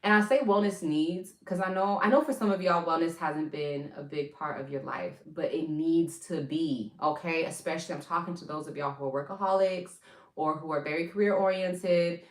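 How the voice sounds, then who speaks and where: A woman's voice: low-pitched, moderate pace, reverberant, distant mic, poor audio. A young adult woman giving casual wellness advice to her viewers in a chatty, rambling way, calling them y'all. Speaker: wellness vlogger.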